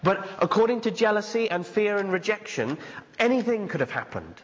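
A man's voice: high voice, sing-song, fairly quick. A man preaching a sermon as pastor, earnest and conversational, acting out the voices he quotes. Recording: dull sound with long hall reverb.

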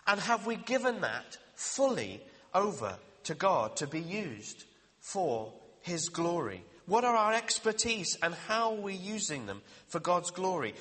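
Preacher, male, bright lively voice, earnest sermon, reverberant hall. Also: high-pitched. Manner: earnest, questioning, slows down for emphasis.

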